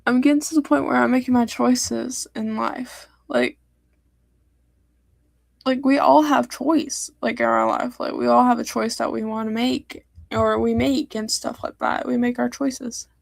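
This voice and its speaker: A woman's voice: fairly high pitch, lively intonation, unhurried, gravelly, no room sound. Hurt teen girl venting on stream. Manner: hurt, rambling, many fillers and restarts. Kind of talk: upset personal livestream talk.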